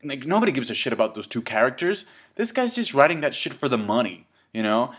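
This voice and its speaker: A man's voice: mid-range voice, sing-song, quick pace, fairly bright tone, breathy edge. A man in his twenties telling a casual story to camera, rambling and swearing, with many fillers and restarts. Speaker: vlogger.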